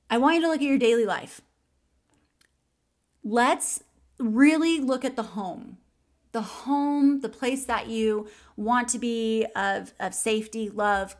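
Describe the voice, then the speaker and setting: A young woman with a somewhat high voice coaches her listeners in a solo podcast. She is encouraging and laughs often as she talks. She keeps repeating her key phrases so they sink in. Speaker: podcast host and mindset coach.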